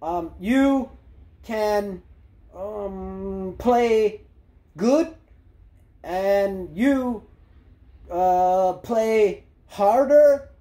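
A halting, word-by-word male tennis coach groping for basic English, as a man puts him on. He speaks in a raised, slow drawl, pausing between each word. Heavy fillers stretch out every phrase. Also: high voice, warm tone, pitched above the performer's own voice. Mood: fumbling.

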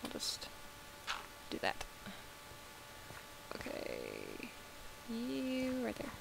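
A woman narrating her video game play in an easygoing, playful way, chatting to the animals she meets. She talks at an unhurried, slow pace. A steady hiss of background noise sits under her voice. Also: high-pitched, creaky. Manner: playful, chats to the game's animals. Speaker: video game let's-player. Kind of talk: casual gameplay commentary.

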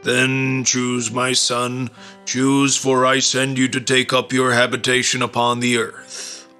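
A man doing a slow, stately old thunder god. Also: mid-range voice, completely flat delivery, sharp tone, clean tone, faint music behind. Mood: solemn. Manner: slow, measured and formal.

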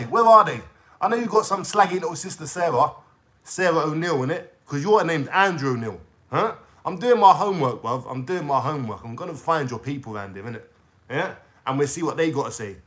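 A man's voice: a little high, a bit bright. A young man with a London accent, venting a profane, confrontational call-out rant straight to camera in street slang. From England. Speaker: YouTuber.

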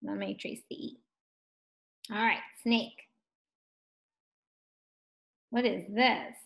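A woman, a first grade teacher, giving a slow, clear, encouraging phonics lesson to young children over distance learning. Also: mid-range voice, fairly even intonation, a bit bright. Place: home distance-learning recording.

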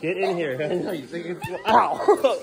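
A man's voice: sits high, lively intonation, unhurried, creaky, over a noisy crowd. A man filming a casual family vlog at home, coaxing and joking with his children as he hurries them through bath time. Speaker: father filming his kids.

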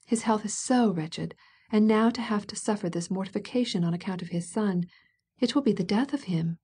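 A woman's voice: medium pitch, a little fast, mellow, husky. A woman reader voicing a gossiping society lady who talks in scandalized, sarcastic exclamations. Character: gossiping indignant society lady, middle-aged.

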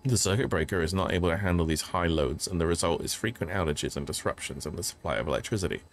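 Low-voiced jokey male streamer. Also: quick pace, slight background noise. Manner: jokey, reads notes aloud, yelps when startled. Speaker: game streamer. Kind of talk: casual gameplay commentary.

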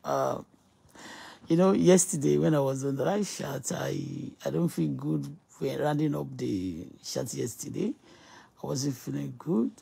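Gravelly Nigerian woman, emphatic. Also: sits low, unhurried, warm tone. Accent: Nigerian, Yoruba. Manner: emphatic, repetitive. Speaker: live-stream vlogger. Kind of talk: casual live-stream talk and prayer.

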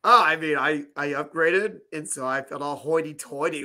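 A man co-hosting a podcast in casual chat, jokey and animated. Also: on the high side, normal speed, few pauses. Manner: jokey and animated, playful asides. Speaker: podcast co-host.

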